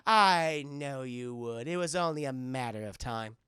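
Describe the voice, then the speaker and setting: A man's voice: mid-range voice, animated, measured pace, bright, forceful tone, clear, resonant tone, no echo, studio quality, pitched below the performer's own voice. A man voicing a cold, cruel male villain who taunts and threatens his victim. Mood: taunting menace.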